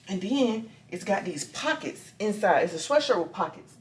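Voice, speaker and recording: A woman's voice: mid-range voice, animated, normal speed, few pauses, a little hiss or hum. A young woman vlogging at home, talking candidly in a rambling, casual way. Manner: rambling, candid, lots of "y'all" and "like". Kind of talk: casual vlog talk. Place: home, indoors. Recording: echoey room.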